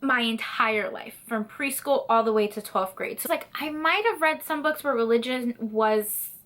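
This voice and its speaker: Young woman book vlogger, bubbly and gushy, kinda high voice, tons of "like"s. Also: moderate pace, a bit bright. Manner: bubbly, gushing, lots of fillers. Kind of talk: chatty reading vlog.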